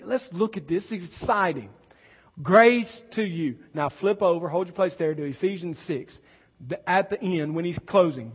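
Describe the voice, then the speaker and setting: A pastor with a high, slightly raspy voice delivers a sermon, swinging between hushed teaching and loud, emphatic declarations. The recording is dull and lo-fi, with long reverb from a large church sanctuary. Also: male voice. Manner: builds from quiet teaching to loud emphatic preaching.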